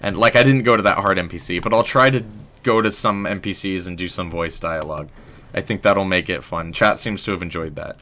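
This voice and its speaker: Young man, casual game stream host, low voice, bright tone, rambling. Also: brisk. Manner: relaxed, rambling, full of "um" and "like". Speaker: livestream host. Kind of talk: casual game livestream commentary.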